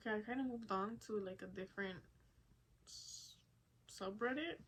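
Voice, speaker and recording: Animated, foul-mouthed woman vlogger. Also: mid-range voice, moderate pace, a little hiss or hum, rough recording. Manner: animated, profane, laughing asides. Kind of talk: casual reaction commentary.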